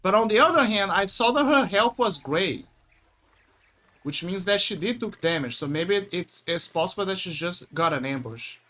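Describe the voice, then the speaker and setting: A young man streaming a game, excitable and cursing when frustrated. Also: high voice, normal speed. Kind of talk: gameplay commentary.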